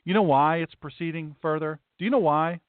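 A man's voice: on the high side, brisk, clear, resonant tone, dry recording. A male host delivering a blunt, emphatic, sarcastic talk-show monologue. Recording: tinny phone-like, dry.

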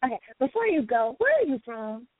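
A woman's voice: a little high, big pitch swings, brisk, no echo. A woman from North Carolina with a Southern accent, co-hosting in a sassy, playful way. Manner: sassy, playful, calls people honey. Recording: tinny phone line.

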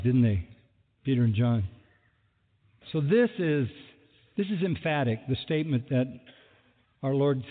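A man preaching a sermon in an animated way, full of rhetorical questions and mock exasperation. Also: medium pitch. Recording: phone-like audio in a large echoing hall.

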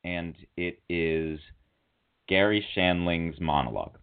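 A man's voice: deep voice, takes it slowly, vocal fry, clean tone. A man hosting a radio show, teasing his co-host in loose, playful banter. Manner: playful, teasing, reads aloud. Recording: tinny phone-like sound.

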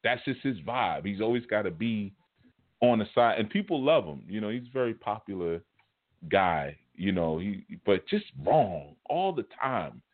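A man teaching a spiritual class, telling stories in a casual, animated, colloquial way. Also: lowish voice, normal speed. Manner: animated, colloquial, chuckles mid-story. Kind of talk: casual storytelling lecture. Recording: phone-like narrow band audio.

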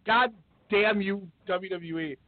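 A man's voice: high voice, takes it slowly, no echo. A man co-hosting a wrestling podcast, chatting casually and telling rambling stories with frequent laughs. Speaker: podcast co-host. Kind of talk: casual chat. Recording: tinny phone-line call-in audio.

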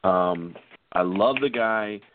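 Co-host, male, lowish voice, measured and thoughtful, dry phone-line sound. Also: a little hiss or hum. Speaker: podcast co-host. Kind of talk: casual sports chat.

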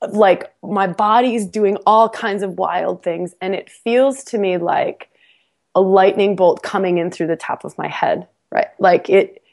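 On a casual interview podcast, a female guest with a gravelly, medium-pitched voice tells a personal story. She is an animated storyteller who pokes fun at herself, laughs a lot, and repeats words whenever she restarts a sentence.

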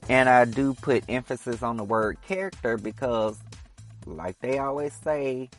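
A man's voice: medium pitch, unhurried, soft background music. A man hosting his own podcast in a casual, opinionated solo monologue, teasing that he will stir up controversy. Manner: chatty and opinionated, teasing about stirring controversy. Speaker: podcast host.

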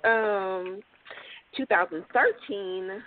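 A woman from Sacramento, California, calling into a talk show and chatting in a relaxed, unhurried way with many fillers. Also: mid-range voice. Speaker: caller. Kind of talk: casual phone call. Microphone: phone. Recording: tinny phone line.

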